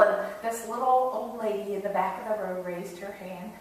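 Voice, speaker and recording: A woman's voice: medium pitch, fairly even intonation, brisk, few pauses, a little hiss or hum. Brief: woman pastor preaching, conversational and earnest, distant mic, heavy church reverb. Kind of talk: sermon. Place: church sanctuary.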